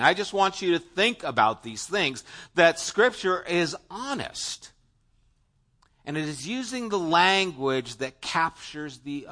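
Speaking straight to his congregation, a pastor whose voice is on the high side preaches earnestly and conversationally. He alternates between emphatic statements and quiet, hushed asides.

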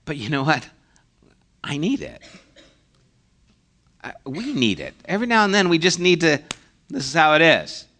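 A man giving a conversational sermon as a pastor, acting out little dialogues and dropping to a hushed voice for emphasis. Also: fairly high pitch, sing-song, moderate pace, pauses often. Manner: conversational preaching, acts out mock dialogues, drops to a hushed voice.

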